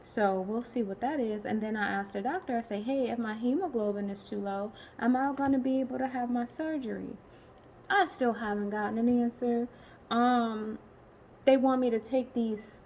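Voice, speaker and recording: A woman in her late forties talking in a personal vlog, tired and emotional, rambling and halting with many pauses and restarts. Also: on the high side, darkish tone, slight background noise, poor audio. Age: late 40s. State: tired and emotional, has been crying. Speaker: vlogger.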